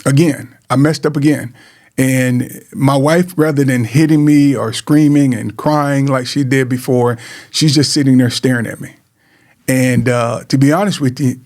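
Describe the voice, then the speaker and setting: A man's voice: mid-range voice, a little mellow. A middle-aged man from Georgia telling a personal story in an earnest, repetitive way, often calling to his listeners. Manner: earnest, repeats words, addresses listeners as man and guys. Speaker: host sharing personal story. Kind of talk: emotional personal testimony.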